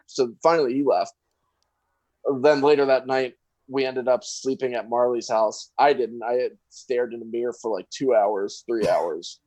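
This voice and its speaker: A young man co-hosts a podcast and tells a rambling, profane story, jumping into voices for each person in it. His pitch sits in the middle, and the sound is close and dry. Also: normal speed, no echo, poor audio. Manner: profane, animated storyteller acting out quotes. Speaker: podcast co-host. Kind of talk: casual storytelling chat.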